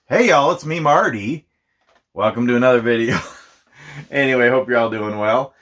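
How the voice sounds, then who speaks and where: A man's voice: medium pitch, moderate pace, fairly bright tone. A middle-aged man from Minnesota talking in a casual, rambling vlog, self-deprecating and laughing often. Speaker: YouTuber.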